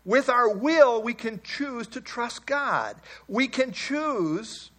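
A man's voice: very high voice, expressive, slow, a bit bright. A male pastor giving an expository Bible sermon, earnest and emphatic, often repeating key phrases and chuckling.

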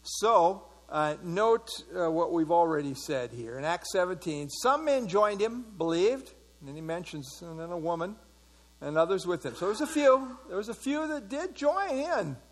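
Guy teaching bible study to a group, kinda higher voice, lots of uhs, keeps asking the room questions. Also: animated, normal speed. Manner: conversational, asks the audience questions, many fillers. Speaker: pastor.

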